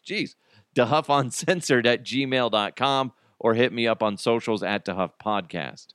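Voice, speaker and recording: A man's voice: mid-range voice, a bit bright, clean tone, no room sound, clean studio sound. A man hosting a podcast in a casual comedic monologue, joking and often laughing. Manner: jokey, laughs often, restarts. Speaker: podcast host.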